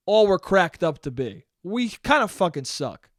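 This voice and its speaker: A man's voice: high-pitched, sing-song, measured pace, dry recording, studio quality. A young man ranting casually and profanely on his own podcast, rambling and joking. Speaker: podcast host. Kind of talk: solo casual podcast rant.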